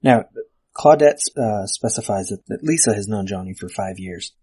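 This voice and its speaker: A man's voice: on the low side, lively intonation, moderate pace, mellow, husky. A man hosting a podcast, wryly reading out and picking at details of a film script. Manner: wry, reads out script details. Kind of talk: casual discussion of a film script.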